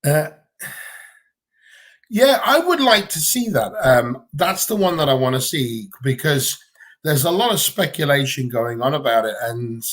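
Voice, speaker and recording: A man's voice: medium pitch, fairly bright tone. A man with a Gibraltarian accent, chatting bluntly and casually on a livestream Q&A from home, swearing freely. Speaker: livestream co-host.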